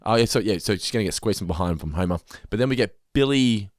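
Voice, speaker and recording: A man's voice: lowish voice, lively intonation, quick pace, dry recording, studio quality. A man co-hosting a podcast in casual chat, talkative and laughing often. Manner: chatty, laughs often, puts on silly voices. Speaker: podcast co-host.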